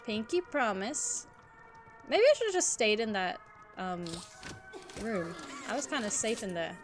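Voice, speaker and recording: A woman's voice: fairly high pitch, animated, unhurried. A woman streaming a game, talking through it in a jumpy, panicky way, swearing and chatting with her viewers. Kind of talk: live gameplay commentary. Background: game music.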